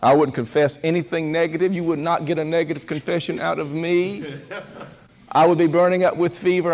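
Folksy preacher man, slow drawl. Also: on the high side, steady tone, darkish tone. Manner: folksy and humorous, acts out quotes in a raised voice and laughs. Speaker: pastor. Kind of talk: sermon.

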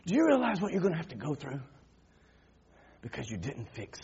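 Husky, fairly high-pitched man preaching; dramatic storyteller who drops to murmurs and rises to shouts, lo-fi recording. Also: huge pitch swings, fairly quick. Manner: storytelling, swinging from low murmurs to loud shouted outbursts. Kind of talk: sermon.

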